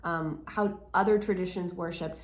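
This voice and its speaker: A woman, a pastor, talking in a lively, emphatic way during a casual church video chat. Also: lowish voice, normal speed, roomy sound. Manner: animated, emphatic storytelling.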